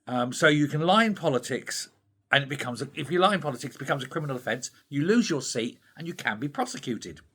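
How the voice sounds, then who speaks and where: Animated, scornful older British man ranting. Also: mid-range voice, fast, husky. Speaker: commentary channel host. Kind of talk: opinionated solo commentary.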